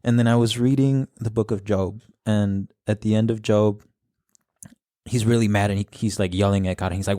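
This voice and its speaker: Casting: young male podcast host, low mellow voice, laid-back, switches between English and Spanish, dry close sound. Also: a little fast, dry recording. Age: young adult. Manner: relaxed, mixes English with Spanish phrases. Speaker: podcast discussion leader. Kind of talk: casual podcast chat.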